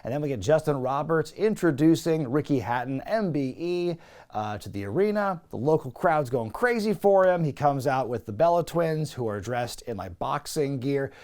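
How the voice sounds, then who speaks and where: A man's voice: on the high side, expressive, normal speed, darkish tone. A man hosting a wrestling review show, giving a casual, sarcastic recap and talking to viewers as folks. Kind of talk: casual comedic recap commentary.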